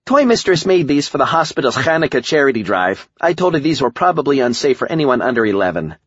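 A man's voice: mid-range voice, very animated, fast talker, husky, dry recording, muffled recording, pitched above the performer's own voice. A male audiobook narrator voicing an exasperated young woman hero in a raised voice. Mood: matter-of-fact.

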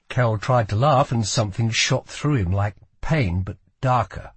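A man narrating a fantasy audiobook with slow, expressive storytelling. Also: medium pitch, slightly rough, no echo. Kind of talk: scripted narration.

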